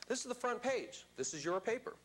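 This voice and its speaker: A man telling a story to a live seminar audience, animated and theatrical. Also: very high voice, fairly quick, a little hiss or hum. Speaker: seminar speaker.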